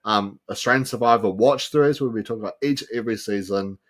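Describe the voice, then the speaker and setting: A man's voice: on the low side, fast. A man hosting a podcast in a casual, giggly, rambling way. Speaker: podcast host.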